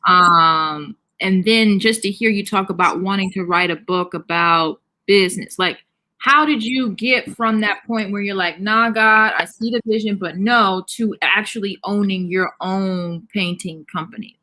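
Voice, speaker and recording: A woman's voice: mid-range voice, a little slow, bright, forceful tone. A woman hosting a faith podcast, asking questions and encouraging her guest with short affirmations. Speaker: podcast host. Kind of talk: casual interview chat.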